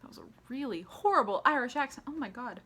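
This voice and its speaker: A woman's voice: a little high, animated, fast talker, sharp tone, breathy edge. A young American woman giving a casual, sarcastic movie ranking commentary, laughing often and peppering her talk with "like". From United States. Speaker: movie reviewer.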